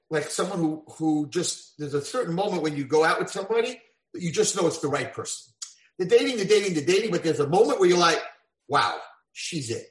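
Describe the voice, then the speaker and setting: Male lecturer, story-driven, animated delivery, high-ish voice, roomy echo. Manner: animated, acts out voices in dialogue. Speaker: rabbi lecturer. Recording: echoey room.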